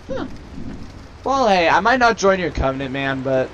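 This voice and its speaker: Animated man rambling over game commentary. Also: on the high side, fairly quick, highs cut off. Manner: rambling, jokey, swings from mumbling to loud outbursts. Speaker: gaming channel host. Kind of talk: Let's Play commentary. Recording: loud background noise.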